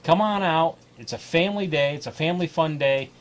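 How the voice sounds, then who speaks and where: A man's voice: a little high, fairly quick. An American man hosting a kids' fly fishing show, talking casually to camera in a chatty, folksy way with plenty of ums and restarts. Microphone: TV studio microphone.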